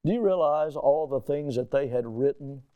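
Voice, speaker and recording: A man preaching a sermon in an emphatic style, firing rhetorical questions at the congregation with sudden jumps in pitch and loudness. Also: moderate pace, smooth, phone-quality sound. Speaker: pastor.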